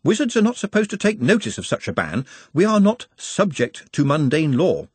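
A man's voice: fairly high pitch, sing-song, normal speed, breathy edge, dry recording, pitched above the performer's own voice. A man doing Ponder, a fussy, anxious young wizard. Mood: precise. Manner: precise, hesitant, apologetic.

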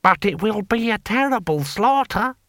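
A man voicing an excitable male imperial tax official who speaks high and slow. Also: dry recording, clean studio sound. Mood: aghast.

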